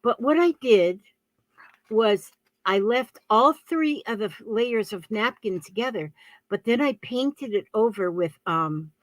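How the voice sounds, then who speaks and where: A woman's voice: on the high side, lively intonation, a little slow, no room sound, poor audio. Middle aged lady crafting and rambling, keeps going off topic, from florida. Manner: chatty, wanders off topic. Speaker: crafting vlogger. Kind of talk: casual rambling chat.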